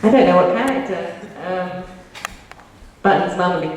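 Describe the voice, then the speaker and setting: A woman's voice: normal speed, long pauses, darkish tone, far from the mic. A woman at a convention panel, playful and giggly as she chats. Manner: giggly, playful, bounces around in pitch. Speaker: panel guest. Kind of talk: casual panel talk. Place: large convention hall. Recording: echoey hall heard from afar.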